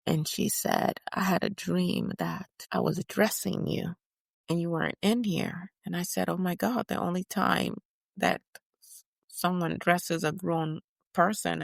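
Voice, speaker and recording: A woman playing an older female activist who looks back on her prison years in a first-person interview, telling it with emphatic, measured storytelling. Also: on the low side, vocal fry, no room sound, clean studio sound. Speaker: guest portrayed in interview.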